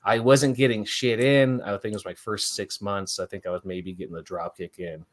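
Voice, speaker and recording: A man's voice: on the low side, steady tone, normal speed. A man in his thirties, a wrestler guest chatting casually and laughing often through rambling stories. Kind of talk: casual chat.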